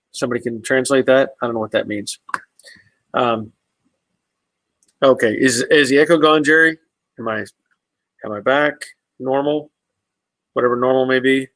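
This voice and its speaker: A man's voice: medium pitch, gravelly, fairly bright tone, no echo, low-quality recording. A man hosting a casual live stream, answering viewers' comments in an easygoing, rambling way with many fillers and restarts.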